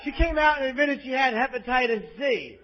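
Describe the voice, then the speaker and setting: A man's voice: very high-pitched, a little fast, background noise. A man from New Jersey doing a crude, profane stand-up set on stage in a comedy club, ranting abrasively at the audience. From East Coast of the US, New Jersey. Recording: lo-fi live bootleg audio with faint crowd ambience.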